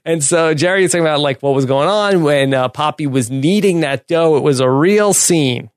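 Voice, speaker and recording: A man's voice: fairly high pitch, moderate pace, no room sound, clean studio sound. A man co-hosting a podcast, casually recapping an episode's scenes and chuckling along with his co-host. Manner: relaxed, recapping scenes with easy laughs.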